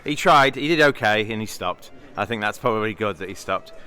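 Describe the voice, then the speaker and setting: A man's voice: on the low side, animated, fairly quick, pushed and bright. A British man chatting casually in a vlog, rambling and thinking aloud with fillers and restarts. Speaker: vlogger, bridge player.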